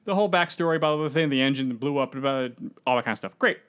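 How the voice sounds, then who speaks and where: Animated man retelling a movie plot. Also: medium pitch, quick pace, smooth. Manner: animated retelling, acting out characters' lines in put-on voices. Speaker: podcast co-host. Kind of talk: casual movie-rewrite chat.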